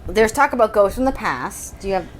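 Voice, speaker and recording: A woman's voice: medium pitch, animated, fairly quick, slight background noise. A woman co-hosting a podcast, recapping a book from her notes in a wry, giggly way. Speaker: podcast co-host. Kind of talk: casual book-recap chat.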